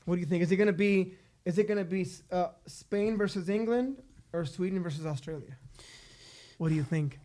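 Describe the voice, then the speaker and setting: A man co-hosting a casual soccer podcast, joking and excitable with playful sarcasm. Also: high voice, fairly quick. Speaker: podcast co-host. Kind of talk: casual chat.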